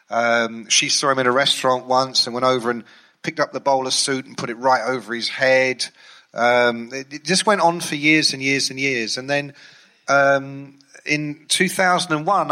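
A man's voice: medium pitch, pushed and bright. A man, a music journalist and ghostwriter, telling rambling, amused anecdotes. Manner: rambling, amused, many fillers and restarts. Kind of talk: anecdotal storytelling.

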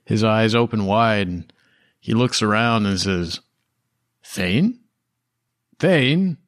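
A man narrating as game master in a tabletop game, describing scenes in a relaxed way. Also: lowish voice, unhurried, smooth, no echo, studio quality.

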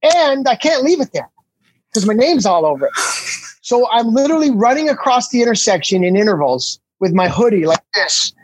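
A Canadian man telling comic stories in a casual chat, acting out what people said with big jumps in pitch. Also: brisk, low-quality recording. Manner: animated storyteller, acts out quotes with big jumps in pitch. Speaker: comedian guest.

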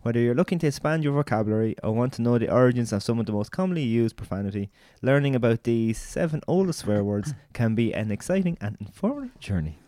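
A man's voice: medium pitch, lively intonation, fast talker, few pauses, dark tone, dry recording, clean studio sound. Man reading facts on a podcast. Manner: reads facts aloud from notes, chatty. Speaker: podcast co-host. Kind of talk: casual podcast chat.

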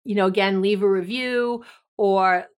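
A woman's voice: mid-range voice, steady tone, unhurried. A middle-aged woman hosting a relationships podcast, talking in an effusive, chatty way with lots of fillers. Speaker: podcast host, therapist. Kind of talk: casual podcast monologue.

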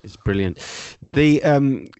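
A man's voice: medium pitch, lively intonation, slow pace, mellow, no echo, muffled recording. A man hosting a podcast, talking through TV shows in casual, wry, sometimes sweary banter. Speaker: podcast host. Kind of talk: casual chat.

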